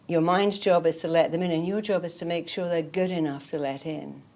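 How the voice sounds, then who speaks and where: Her voice is fairly low and a little mellow, with a steady tone and a fairly quick pace. She's a therapist guest in a motivational interview, emphatic and repetitive as she tells stories and repeats affirmations.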